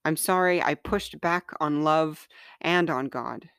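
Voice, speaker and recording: A woman hosting a podcast and reading aloud from her own book in a gentle, measured, heartfelt way. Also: low-pitched, clear, resonant tone, dry recording, studio quality. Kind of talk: slow, earnest reading of personal writing.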